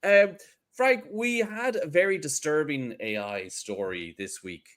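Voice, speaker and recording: A man co-hosting a podcast in casual chat, animated and joking, who laughs often. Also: fairly high pitch, measured pace. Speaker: podcast co-host.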